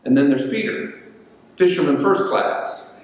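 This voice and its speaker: Slightly high-voiced pastor in echoey church. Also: male voice, animated. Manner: measured, deliberate delivery with repeated words. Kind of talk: sermon with scripture reading. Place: church sanctuary. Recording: echoey church hall from far off.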